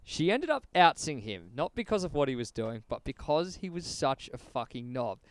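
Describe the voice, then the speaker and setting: A man's voice: fairly high pitch, sing-song, normal speed. Profane man telling stories. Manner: profane, laughing storyteller. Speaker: podcast host. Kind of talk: casual podcast chat.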